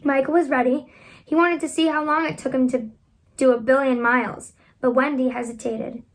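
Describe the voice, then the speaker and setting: Woman, high-pitched, storybook read-aloud, expressive, at home. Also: moderate pace. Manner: expressive, voices the children's lines with lifts in pitch. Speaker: reader. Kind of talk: reading a children's book aloud.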